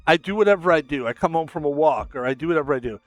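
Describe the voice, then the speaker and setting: American male streamer, casual rambling self-promoter, a bit high-voiced. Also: lively intonation, rapid-fire, no echo, soft background music. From United States.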